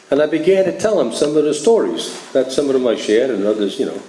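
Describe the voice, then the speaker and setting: A man's voice: medium pitch, sing-song, fast talker, few pauses, warm tone. An older man from New York telling his story to a meeting in a humorous, conversational way, often adding "you know" and "right?". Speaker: AA speaker. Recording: echoey hall, faint noise.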